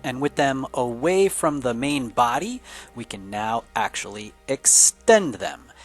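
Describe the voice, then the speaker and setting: A man casually narrating his space building game, explaining parts in a relaxed, rambling way with fillers. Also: medium pitch, unhurried, faint music behind. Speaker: gaming video creator. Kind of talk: casual gameplay commentary.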